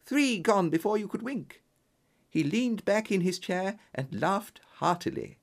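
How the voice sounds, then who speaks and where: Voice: medium pitch, animated, unhurried, gravelly. A narrator telling a story in the first person as a storybook reading.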